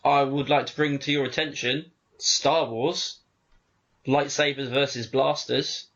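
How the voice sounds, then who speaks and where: A man co-hosting a casual podcast chat, talking with excited enthusiasm. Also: medium pitch, unhurried, lo-fi sound. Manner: excitable, enthusiastic film fan. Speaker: podcast co-host.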